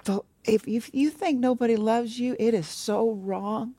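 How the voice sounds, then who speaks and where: Woman, slow pace, warm tone, dry close sound, heartfelt reflection. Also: a little high, breathy edge, no room sound. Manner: reflective, heartfelt, recalls past teaching. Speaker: co-host. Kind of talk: casual chat.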